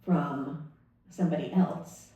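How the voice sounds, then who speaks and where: A woman's voice: low voice, takes it slowly, dark tone, muffled recording. A woman minister giving a sermon, telling a personal story in a conversational way and acting out the dialogue. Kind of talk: sermon talk. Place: church sanctuary. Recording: echoey room from a distance.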